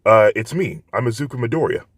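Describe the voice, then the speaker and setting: A man's voice: medium pitch, expressive, a little fast, no echo, pitched above the performer's own voice, close to an everyday voice. A man voicing a modest, hesitant teenage boy. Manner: hesitant, with filler words.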